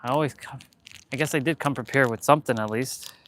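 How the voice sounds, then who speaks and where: A man's voice: mid-range voice, quick pace, fairly bright tone, slight background noise. A man chatting casually in a summer park during his fitness vlog, laughing and shooing bugs away. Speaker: fitness vlogger. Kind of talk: casual outdoor vlog chat.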